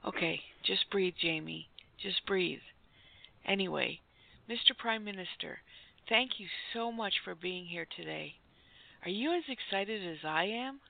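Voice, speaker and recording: A woman's voice: fairly low pitch, lively intonation, unhurried, creaky, dry recording. A woman hosting a comic radio segment, gushing and giddy like a starstruck fan. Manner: gushing, giddy, breathless fangirl. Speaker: comedy segment host. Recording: phone-like narrow sound.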